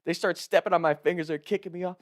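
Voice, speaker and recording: A man's voice: high voice, fast talker. Laughing young man telling a party story. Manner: animated, laughing often, swearing. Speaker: content creator telling a story. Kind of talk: casual storytelling to camera.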